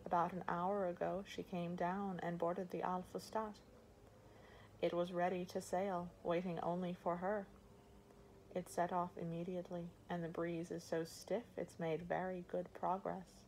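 A woman reading the part of a calm, formal older male harbor master in an audiobook. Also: fairly low pitch, slight background noise, rough recording. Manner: measured and formal, addressing a lord.

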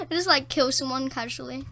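A high-pitched woman narrates her gameplay in a casual, rambling way, with a bright, sharp edge to her voice. She gets excited easily, gasping, laughing and exclaiming as she plays. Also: moderate pace, slight background noise. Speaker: gameplay commentator. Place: at home in a dark room.

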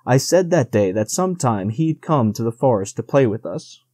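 A man's voice: mid-range voice, lively intonation, normal speed, mellow, no echo, clean studio sound, natural voice. A man voicing a timid, devoted young female deer in a storybook reading, with a pleading, trembling manner. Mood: dreamy.

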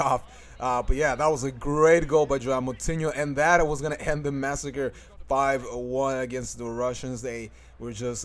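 A young man giving casual commentary over his football video game, rambling with lots of fillers and restarts. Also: medium pitch. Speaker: gaming commentator.

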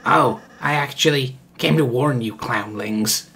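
A man's voice: mid-range voice, unhurried, pushed and bright, breathy edge, heavily acted. A man voicing a cocky, goofy young villain prince, playful and mock-villainous, in a fan voice-over of a game. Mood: sheepish.

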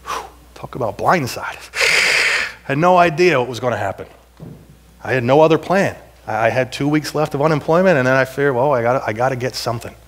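A man's voice: medium pitch, animated, fairly quick. A middle-aged man preaches a sermon in a church, telling stories from his own life. His delivery is conversational and self-deprecating, and it rises into emphatic, repeated points. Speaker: pastor. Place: church sanctuary.

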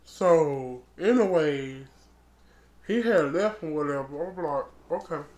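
A woman's voice: low voice, animated, takes it slowly, darkish tone. A transgender woman telling a storytime vlog in a blunt, profane, rambling way, calling her listener girl. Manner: rambling with many restarts. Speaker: vlogger.

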